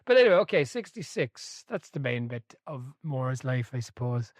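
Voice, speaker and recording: A man co-hosts a relaxed podcast chat about a football biography, with a voice in the usual middle range for a man. He tells stories with energy, laughing as he goes and swearing now and then. The sound is dry and close, with no room to it. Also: mid-range voice, moderate pace, dry recording. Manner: animated storyteller, swears, laughs mid-sentence. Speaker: podcast co-host.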